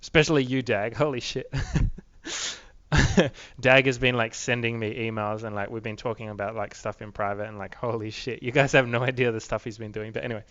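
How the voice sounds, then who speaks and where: A young man talks straight into his camera in a loose, rambling video diary, swearing freely and leaning on "like" as a filler. His voice is bright and forceful, and the close, dry recording sounds a little dull and lo-fi. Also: mid-range voice, steady tone, moderate pace, no echo. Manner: rambling, profane, many "like" fillers. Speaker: vlogger. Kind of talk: casual video diary rant.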